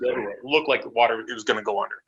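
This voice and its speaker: A man spinning a wild road story on a podcast, voicing everyone in it and dropping swear words along the way. His voice is bright and forward. The audio is a bit dull and lo-fi. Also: medium pitch, racing. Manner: animated, acts out voices in his stories; swears freely. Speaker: wrestler guest. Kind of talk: casual storytelling.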